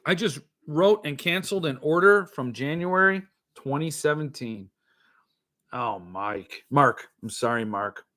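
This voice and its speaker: A man's voice: fairly high pitch, unhurried, sharp tone. A middle-aged man hosting a casual solo podcast, reading out chat comments and ranting in exasperation. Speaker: podcast host.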